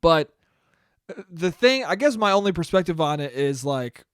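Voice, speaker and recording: Male podcast host, profane solo comedy rant, clear slightly high voice, close dry mic. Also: big pitch swings, normal speed, no echo. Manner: profane, ranting, laughs at own jokes.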